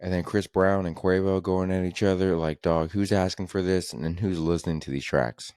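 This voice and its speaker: A man's voice: sits low, steady tone, fairly quick, darkish tone, smooth, dry recording. A young man hosting a solo comedy podcast, rambling through exasperated, profane rants about the news. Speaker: podcast host.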